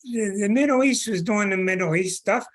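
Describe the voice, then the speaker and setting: A man with a high voice hosts an astrology show, speaking at a moderate pace in an earnest, preachy podcast monologue. He stretches words out for emphasis and keeps restarting phrases.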